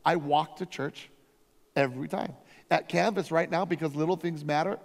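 A man, a lead pastor, teaching a conference workshop through energetic, emphatic stories. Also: a little high, moderate pace, creaky. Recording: long reverb from a hall.

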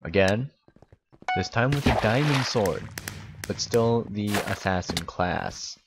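Excitable young man narrating a game. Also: lowish voice, slow, creaky, long pauses, heavy background noise. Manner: excitable, exclaiming and rambling. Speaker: gaming YouTuber. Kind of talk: casual gameplay commentary.

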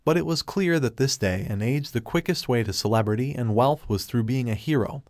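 A man's voice: mid-range voice, fairly quick, no room sound, studio quality. Man reading fan fiction aloud. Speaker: narrator.

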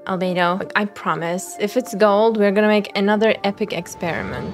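A young woman streamer giving excitable commentary on her game pulls, pleading and squealing as the results come in. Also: mid-range voice, a little fast, few pauses, music in the background. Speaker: gaming content creator. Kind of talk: excited gacha-pull commentary.

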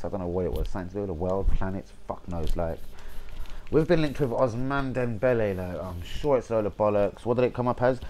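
A young man who vlogs as a football fan rambles casually about the sport in a lowish, slightly mellow voice. He swears a lot and drifts into forgetful asides, losing his train of thought. The recording is low quality, with a little hiss or hum.

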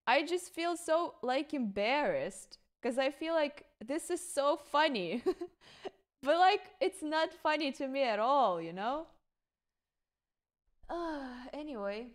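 High-voiced woman streamer, slow and profane. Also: expressive. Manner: rambling, filler-heavy and profane, breaking into laughter. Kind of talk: casual storytelling on a livestream.

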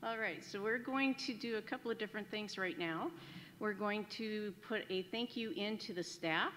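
A woman's voice: medium pitch, moderate pace, a bit bright, slight background noise. A woman program manager making casual announcements at a ceremony, introducing staff and volunteers with a few fillers. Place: large hall at a graduation ceremony. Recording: echoey hall with faint ambience.

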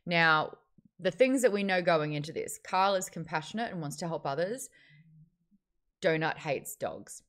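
A woman runs a live book club stream in a casual, chatty way. Her voice sits on the lower side for a woman. She reads out viewer names and comments with a lot of bounce. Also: fairly bright tone.

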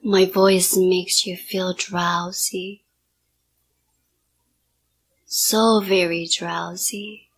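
Breathy, slow-whispering woman hypnotist. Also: on the low side, level tone. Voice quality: soft, partly whispered. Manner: slow, repetitive hypnotic commands. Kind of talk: whispered role-play.

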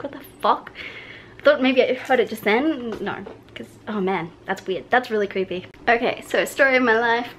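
A talkative woman vlogs into a handheld camera, rambling from one thought to the next and swearing freely. Her voice sits a little high, and steady ambient noise runs under the recording. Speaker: vlogger. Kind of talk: casual vlog chat. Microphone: handheld camera mic. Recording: noisy ambient background.

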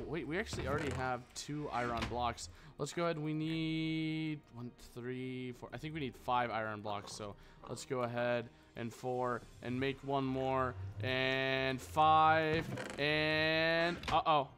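A man's voice: mid-range voice, fairly even intonation, unhurried, fairly bright tone. Crude joking young gamer man. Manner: rambling, crude, joking, talks to his pig. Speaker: gaming YouTuber. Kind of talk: casual Minecraft let's play commentary. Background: background music.

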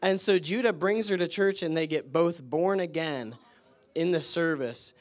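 A man with a slightly higher voice preaches in church. He laughs often as he tells his stories, then turns to fervent prayer. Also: unhurried. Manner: laughs often, excited storytelling. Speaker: guest preacher. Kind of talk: sermon storytelling and prayer.

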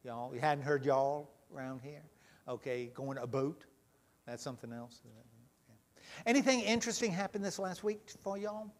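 A man leading a children's talk in church, gentle and full of questions. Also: a little high, fairly even intonation, moderate pace. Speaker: pastor leading a children's message. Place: church sanctuary.

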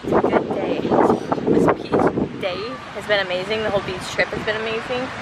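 A woman chatting excitedly and with giggles during a family beach vlog. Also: medium pitch, a little fast. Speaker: family vlogger. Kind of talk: casual vlog chat. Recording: loud outdoor noise.

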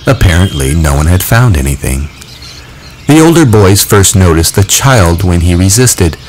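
A man narrating a novel aloud in a measured, expressive reading. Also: sits low, slight background noise, low-quality recording. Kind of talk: audiobook reading.

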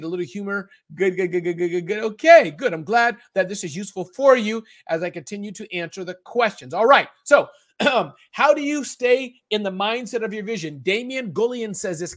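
Energetic, high-voiced male live-stream host. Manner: energetic and chatty, repeats words for emphasis; rapid-fire answers with casual slang. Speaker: host of a live online business summit. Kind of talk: live-stream Q&A, reading out and answering viewer questions.

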